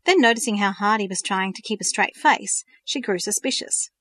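Woman narrating a storybook, steady. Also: mid-range voice, normal speed, dry recording, clean studio sound.

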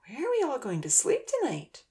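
A woman voicing a curious, eager young boy with a raised, lively voice. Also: sits high, voice pushed up. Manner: quick, lifted and eager.

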